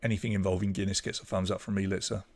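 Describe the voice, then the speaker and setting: Running a live-streamed pub quiz, a young man from Britain reads out names and scores in a loose, chatty way, stalling when he can't recall a name. He talks very fast in a deep voice with flat delivery.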